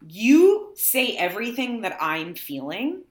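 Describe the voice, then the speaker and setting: A woman guest in casual chat, an animated storyteller who acts out quotes. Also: on the high side, takes it slowly, echoey room. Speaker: guest, TV writer.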